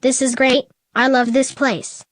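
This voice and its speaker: A woman voicing a dark, brooding male hedgehog criminal in a flat, matter-of-fact delivery. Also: sits high, a little slow.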